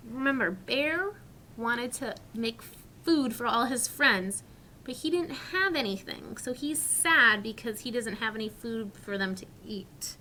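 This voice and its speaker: A woman teacher reads a picture book to young children and stops often to ask questions. Her voice is bright and a little high, and she sounds out each word with slow, careful articulation. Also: animated, slight background noise. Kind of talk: children's story reading lesson.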